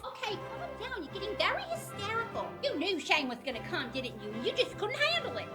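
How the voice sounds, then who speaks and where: A woman's voice: very high-pitched, big pitch swings, fairly quick, loud music behind the voice. A woman playing a brash, dramatic woman in a lookalike contest. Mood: feuding. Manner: feisty, dramatic, catty. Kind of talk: comedy sketch acting.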